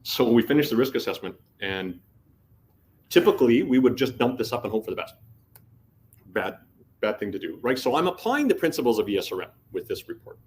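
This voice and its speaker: A man's voice: mid-range voice, sing-song, brisk, slight background noise. A middle-aged man, giving a conference talk as a casual storyteller who acts out the quotes and swears freely. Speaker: conference speaker. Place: conference hall.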